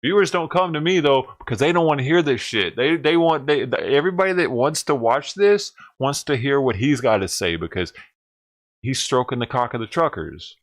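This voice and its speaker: A man's voice: mid-range voice, lively intonation, moderate pace. A man doing a sarcastic, profane rant as a livestreamer, mocking and riled up. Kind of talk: ranting livestream commentary.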